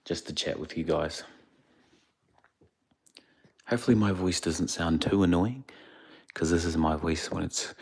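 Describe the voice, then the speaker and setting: A young man from India, chatting quietly on a livestream into his phone so he won't wake the people around him. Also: low-pitched, gravelly, breathy edge. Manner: speaking quietly, hushed. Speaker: streamer. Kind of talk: casual livestream chat. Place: indoors away from home, others asleep.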